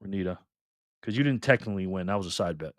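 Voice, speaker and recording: A man hosting a live stream in a loose, joking way, reading the chat messages out loud. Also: deep voice, quick pace, no echo, clean studio sound. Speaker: livestream host.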